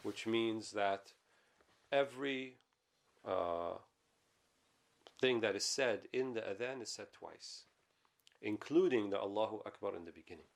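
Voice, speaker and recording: A man teaching a classical religious text, reading Arabic passages quickly and then explaining them in English. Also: on the low side, vocal fry. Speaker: Islamic teacher.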